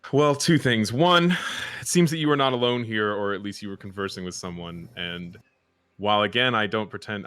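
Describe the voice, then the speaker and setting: A man playing a courteous, earnest adventurer, speaking formally and in measured phrases. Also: sits low, bright, forceful tone, clean tone.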